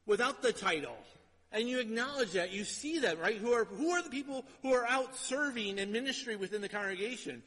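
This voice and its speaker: A man's voice: high voice, animated, a little fast, fairly bright tone, big-room sound. A male pastor preaching a conversational sermon, who often checks in with his listeners by asking "right?".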